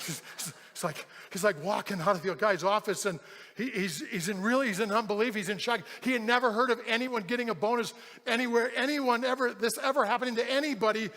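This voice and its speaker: High-voiced pastor in an echoing hall. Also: male voice, fast talker. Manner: animated storyteller, acts out quoted voices. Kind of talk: storytelling sermon. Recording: large hall with long reverb.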